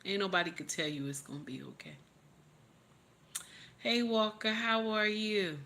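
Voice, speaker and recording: Speaking a little slowly in a bright, forceful mid-range voice with lively intonation, a woman hosts a livestream amid slight background noise. She is tearful, giving an emotional motivational talk and preachily repeating her encouragement again and again.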